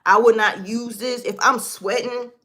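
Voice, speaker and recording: A woman's voice: fairly high pitch, fairly even intonation, a little slow, pushed and bright. A woman hosting a casual beauty livestream from her desk, chatting loosely and talking straight to her viewers while reading their comments.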